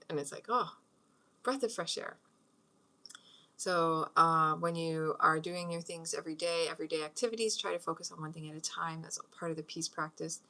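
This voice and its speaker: Bright-voiced chatty woman. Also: low-pitched. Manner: chatty, rambling, laughs often. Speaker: host leading a meditation practice. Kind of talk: casual spoken talk with guided breathing.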